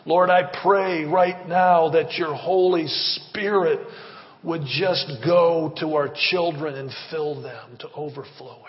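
A man's voice: fairly high pitch, steady tone, slow pace. A man preaching and praying as a pastor, fervent and rhythmic, with repeated appeals. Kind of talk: sermon with prayer. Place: church hall. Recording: reverberant, dull church recording.

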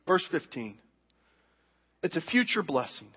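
A man with a very high voice preaches in a church, animated and emphatic as he tells stories. His voice comes through dull and muffled, with a long reverb trailing off the hall. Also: normal speed. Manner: animated, emphatic storytelling with acted quotes. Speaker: pastor. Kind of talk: sermon.

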